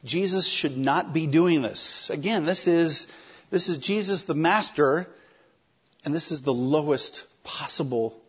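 A man preaching a sermon in a conversational, animated way, acting out quoted lines. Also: a little high, breathy edge, muffled recording.

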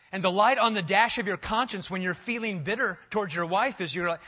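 A middle-aged man preaching a sermon, emphatic, rising loud and then dropping to a hush. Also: high-pitched, fairly quick, few pauses, breathy edge. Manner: emphatic, swings between loud and hushed. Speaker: pastor. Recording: dull lo-fi sound.

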